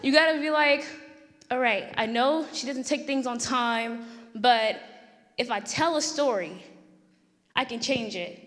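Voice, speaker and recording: A woman's voice: fairly high pitch, measured pace, long pauses, fairly bright tone. A young woman giving a casual, comic student talk on a school theater stage, acting out quoted dialogue. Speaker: student speaker. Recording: echoey auditorium.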